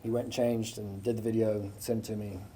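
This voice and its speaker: Husky, mellow man giving a talk. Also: on the low side, level tone, a little fast. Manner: storytelling, conversational with fillers. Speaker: guest speaker at a business breakfast. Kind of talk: inspirational speech with a faith message.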